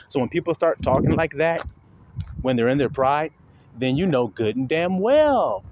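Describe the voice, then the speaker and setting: A man delivers fiery, profane preaching, his pitch riding high and swinging wildly as he presses his points. The recording sounds dull and lo-fi, with a faint hiss underneath. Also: sing-song, moderate pace.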